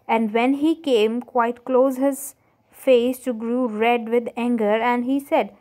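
A woman teacher reads a story aloud to a class and explains it, slowly and haltingly, often restarting her sentences. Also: a little high, steady tone, mellow. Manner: slow, halting reading with frequent restarts and rephrasing.

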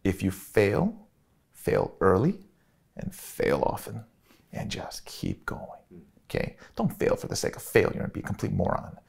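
A middle-aged man recounts a personal memory in an interview. His voice sits low and is deeply gravelly with a husky edge. He speaks earnestly and pauses often to restart his thoughts. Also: wildly swooping pitch, darkish tone. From Chicago, USA. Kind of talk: reflective personal storytelling.

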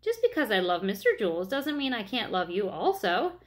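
Gentle teacher, read by a woman. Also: mid-range voice, big pitch swings, moderate pace, close to an everyday voice. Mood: tender. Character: kind, gentle woman schoolteacher.

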